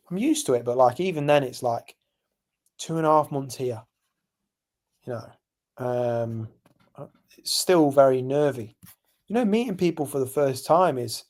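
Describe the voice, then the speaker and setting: A young man from England, co-hosting a podcast and telling stories animatedly, jumping from loud to hushed. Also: medium pitch, expressive, normal speed, long pauses. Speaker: podcast co-host. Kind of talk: casual chat.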